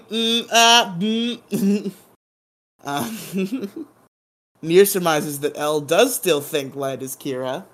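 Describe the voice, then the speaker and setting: A podcast co-host giving a casual, playful recap of a drama episode, humming dramatic sound effects and laughing along the way. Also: mid-range voice.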